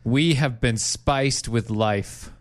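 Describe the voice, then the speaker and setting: A man's voice: medium pitch, slow. A man co-hosting a podcast in casual chat, long-winded and playful. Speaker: podcast co-host.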